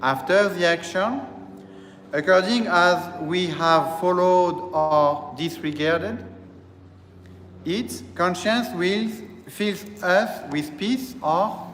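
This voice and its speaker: A man who serves as a priest, delivering a slow, deliberate teaching sermon and repeating phrases as he explains. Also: high-pitched, fairly bright tone, slight background noise. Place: church. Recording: echoey church hall, faint ambience.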